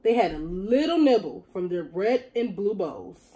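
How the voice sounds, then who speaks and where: A woman teacher reading a picture book aloud to young children in an expressive storytelling voice. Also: mid-range voice, unhurried, poor audio.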